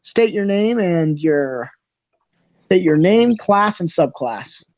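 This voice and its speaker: A man's voice: high-pitched, lively intonation, slow pace, darkish tone, no room sound, lo-fi sound, pitched above the performer's own voice. A man voicing a small, curt male halfling ticketmaster who questions fighters in a clipped, officious way.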